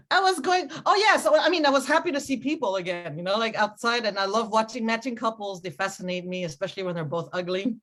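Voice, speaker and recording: A woman's voice: fairly high pitch, a little fast, a bit bright. Giggly, rambling woman doing stand-up. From Cambodian family. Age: middle-aged. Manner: rambling, self-interrupting with giggles. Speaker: stand-up comedian. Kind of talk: stand-up set. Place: comedy club stage with audience.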